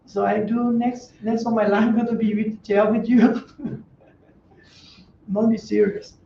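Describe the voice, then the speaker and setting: Teaching a Dhamma class in a meditation center hall, a monk delivers an informal dharma talk in a high, gravelly male voice with a warm tone. His delivery is flat and unhurried, blunt and joking, in broken English with laughs. The recording feels roomy and distant, with a dull mic and slight noise.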